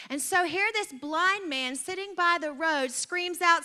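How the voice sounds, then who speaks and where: A woman pastor delivering a sermon with a high, bright voice. She tells her stories animatedly, acting out quotes and dropping in humorous, exaggerated asides. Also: measured pace, few pauses. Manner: animated storytelling with acted-out quotes. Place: church.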